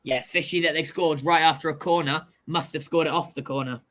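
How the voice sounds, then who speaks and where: A male host giving a casual live chat about football scores, excitable and jokey, shouting when goals go in. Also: fairly high pitch, fairly quick.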